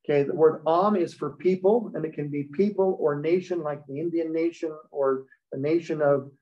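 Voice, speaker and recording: A man's voice: on the high side, steady tone, normal speed. A man teaching a Hebrew class, explaining step by step and checking in with the students. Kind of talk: classroom lecture. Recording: dull lo-fi recording.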